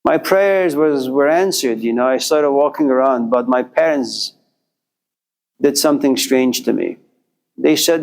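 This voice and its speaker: A man's voice: mid-range voice, measured pace, vocal fry. A man lecturing to a class, telling a life story in a repetitive, rhythmic way with quoted inner voices.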